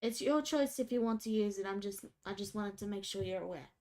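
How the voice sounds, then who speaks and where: A woman's voice: mid-range voice, brisk, darkish tone. A woman narrating as game master of a tabletop role-playing game, casual and descriptive.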